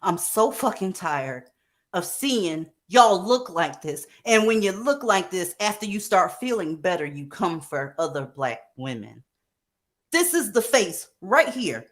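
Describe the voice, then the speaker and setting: Middle-aged female host, heated commentary, lively and emphatic. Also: fairly low pitch, measured pace. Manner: emphatic, profane, swings loud and soft. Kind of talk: heated commentary on a news clip.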